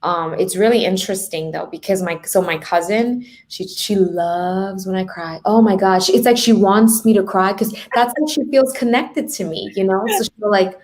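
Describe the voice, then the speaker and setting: A woman's voice: medium pitch, moderate pace, few pauses. A woman appearing as a guest on a podcast, a mindset coach speaking candidly and reflectively in casual conversation. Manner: candid and reflective, thinks out loud.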